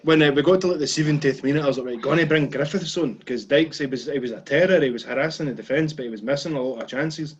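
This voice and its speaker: A man's voice: medium pitch, fast, few pauses, breathy edge, muffled recording. A Scottish man co-hosting a podcast, bantering in a jokey, boastful way. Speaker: podcast co-host. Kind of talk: casual chat.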